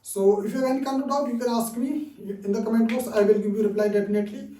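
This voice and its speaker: A man teaching a lesson, repeating each example sentence slowly and often checking in with "okay?". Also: very high voice, fairly even intonation, dark tone. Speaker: English teacher. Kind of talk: online language lesson. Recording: roomy, distant from the mic.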